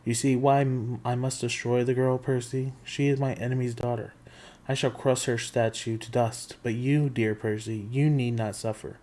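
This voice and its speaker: A man reading a story aloud, putting on a smooth, soothing, purring voice for a menacing female monster disguised as an old lady. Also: mid-range voice, level tone, normal speed, warm tone, close to an everyday voice. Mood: coaxing.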